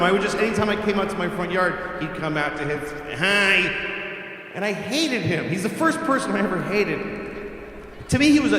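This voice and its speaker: A man in his late forties working a stand-up stage, blunt and casually profane, his pitch swinging widely as he tells the story. His voice rolls around a large, reverberant theater with a faint murmur of room noise underneath. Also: fairly bright tone. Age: late 40s. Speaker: stand-up comedian. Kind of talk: stand-up comedy. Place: live comedy theater. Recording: echoey hall with faint ambience.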